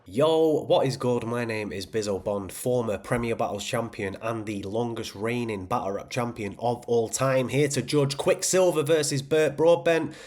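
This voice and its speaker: A man's voice: mid-range voice, normal speed, few pauses, a little mellow. A man judging a rap battle, giving an upbeat, diplomatic verdict to camera.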